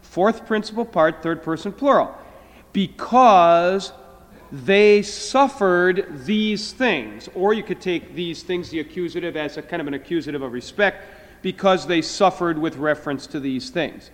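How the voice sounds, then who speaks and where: High-voiced man lecturing in a hall. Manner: explains slowly, drawing out words, with filler restarts. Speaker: Greek professor. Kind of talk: classroom lecture. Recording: hall reverb.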